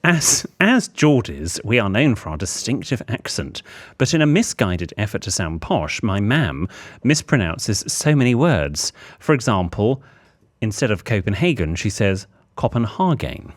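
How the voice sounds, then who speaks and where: Podcast co-host: man, low voice with lively melody, dry and arch. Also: a little slow. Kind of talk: casual chat and reading a listener's letter.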